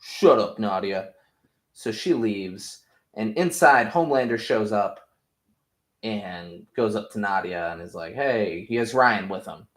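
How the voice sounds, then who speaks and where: A man's voice: on the low side, measured pace, a bit bright. A man casually recapping a TV episode, rambling, jokey and profane. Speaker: podcast host. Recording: roomy echo.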